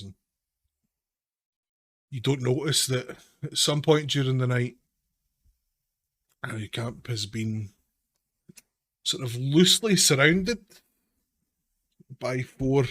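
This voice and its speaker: A man's voice: mid-range voice, a bit bright, breathy edge, no echo. A man narrating a tabletop game as game master, in a rambling, hesitant way full of restarts.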